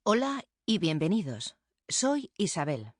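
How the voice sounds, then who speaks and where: A woman co-presenting a pronunciation course with calm, careful explanation, recorded close on a studio mic. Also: fairly low pitch, normal speed, no echo. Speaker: Spanish co-presenter. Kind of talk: scripted instructional narration.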